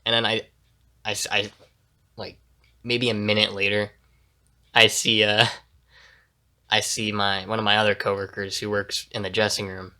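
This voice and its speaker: Young dude chatting on a podcast, bright tense voice, lots of likes and i don't knows. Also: male voice, on the low side, level tone, normal speed, long pauses, smooth. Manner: rambling storyteller with many fillers, loud laughing shouts when mimicking. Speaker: podcast co-host. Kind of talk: casual chat.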